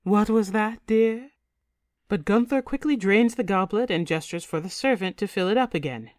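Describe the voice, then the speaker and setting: A woman narrating a fantasy audiobook in an even, measured way. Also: medium pitch, no room sound, studio quality. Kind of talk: scripted narration.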